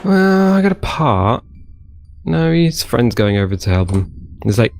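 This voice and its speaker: Here a gaming channel host casually narrates his own play, wandering from thought to thought as if alone. His medium-pitched voice is sing-song and a little mellow, with vocal fry and a measured pace; slight background noise is present.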